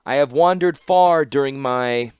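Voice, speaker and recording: A man voicing a proud, cunning woman artificer who speaks in formal, flattering address. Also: mid-range voice, unhurried, clean tone, no room sound, clean studio sound, voice pushed up, close to an everyday voice.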